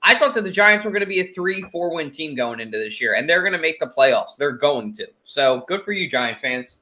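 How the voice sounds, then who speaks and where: Bright-voiced, animated podcast guest. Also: male voice, on the high side, brisk. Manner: animated storyteller. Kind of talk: casual sports podcast chat.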